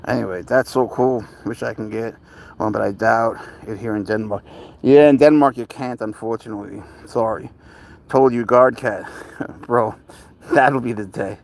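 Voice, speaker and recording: A man's voice: mid-range voice, steady tone, normal speed, gravelly, a little hiss or hum, poor audio. Laid-back man chatting on a live stream. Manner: laid-back, chuckling, answers viewer questions. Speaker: livestream host with a pet serval. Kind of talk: casual live-stream chat reading comments.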